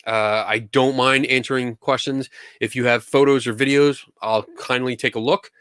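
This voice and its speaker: Hosting a laid-back question-and-answer livestream, a man speaks at normal speed in a steady, smooth, medium-pitched voice with a bit of brightness. The dry, studio-quality recording captures his upbeat energy and frequent sentence restarts.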